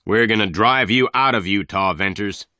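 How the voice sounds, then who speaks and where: A man voicing a tall, dark, menacing rancher who threatens and shouts. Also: on the low side, moderate pace, dry recording.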